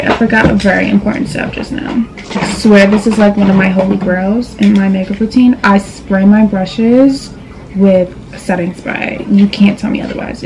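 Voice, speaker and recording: Sassy young woman, mellow voice. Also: mid-range voice, a little hiss or hum, rough recording. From New York. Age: young adult. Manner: sassy, direct, calls viewers girl and boo. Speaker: beauty vlogger. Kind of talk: casual makeup tutorial chat. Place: indoors at a vanity.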